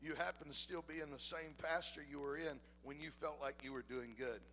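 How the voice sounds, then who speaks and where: A high-voiced male pastor with a gravelly edge, preaching a sermon. His tone is bright and forceful, and he swings between ringing declarations and hushed, close talk with the congregation. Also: fairly even intonation, brisk, a little hiss or hum, rough recording. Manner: shifts between loud preaching and soft intimate talk.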